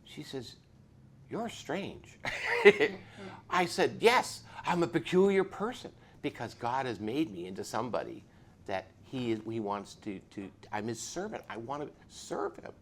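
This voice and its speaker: A man's voice: medium pitch, sing-song, unhurried, slight background noise. A man, a police officer, telling his faith story in a dramatic way and acting out the people in it. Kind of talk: animated storytelling testimony.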